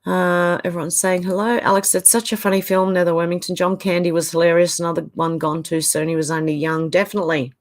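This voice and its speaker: A woman's voice: on the low side, level tone, fast talker, few pauses. A middle-aged Australian woman hosting a casual live stream, chatting loosely and reacting with exasperated asides while reading viewer comments aloud.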